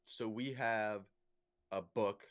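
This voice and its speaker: A man's voice: fairly low pitch, steady tone, slow, clear, resonant tone. A young man co-hosting a casual comedy podcast, laid-back and joking crudely. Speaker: podcast co-host.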